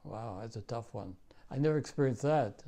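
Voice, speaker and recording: An older man with a New York accent, a war veteran recounting memories in an interview, halting and repeating himself. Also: mid-range voice, gravelly, dark tone. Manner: halting, repeats phrases, many fillers.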